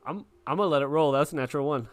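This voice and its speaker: A man's voice: fairly high pitch, very fast, faint music behind. A man casually describing his moves as a player in a tabletop game.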